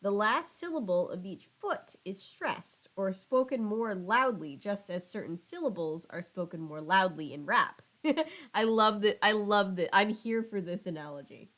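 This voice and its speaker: A woman with a middle-pitched voice reads a children's book aloud in an easygoing, chatty way. She breaks off for side comments now and then. She trips over words and apologizes with a laugh at her own expense. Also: animated, a little slow, fairly bright tone. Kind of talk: casual read-aloud with chat asides.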